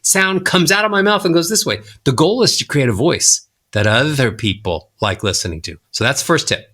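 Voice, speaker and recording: A middle-aged man, a voice coach, teaching in a podcast interview and showing tips with his own voice. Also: brisk. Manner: animated teacher, swoops pitch up and down to demonstrate. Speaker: voice coach guest.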